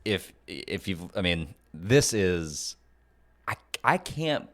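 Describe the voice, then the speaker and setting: Slow and low-pitched, this North Carolina co-host talks through his casual political podcast with lively energy. He often breaks off and restarts his sentences.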